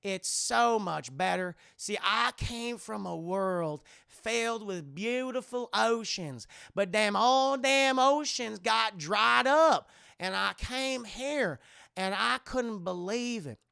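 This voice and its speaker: A pleading alien queen woman, slow and drawn-out, pitched well above her performer's own voice, as a man puts her on. The sound is dry, bright and gravelly. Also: dry recording, exaggerated voice. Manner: slow, pleading, swelling louder. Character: seductive female alien queen monster, pleading.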